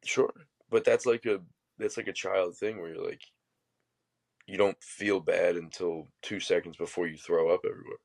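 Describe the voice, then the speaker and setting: A man's voice: low voice, steady tone, normal speed, vocal fry. A man co-hosting a podcast in casual chat, blunt and wry with crude jokes. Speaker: podcast co-host.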